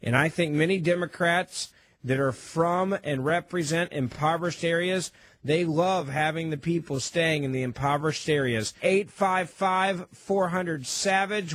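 A man's voice: a little high, a little slow, a bit bright, no room sound. A young man hosting a call-in talk radio show, speaking emphatically with sarcastic, opinionated asides. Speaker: fill-in talk radio host.

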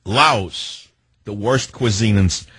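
A man's voice: fairly low pitch, slow, fairly bright tone, slightly rough, no echo. An older man hosting a talk show, rambling in a sardonic, free-associating monologue. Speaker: radio talk host. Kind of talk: opinionated talk radio monologue.

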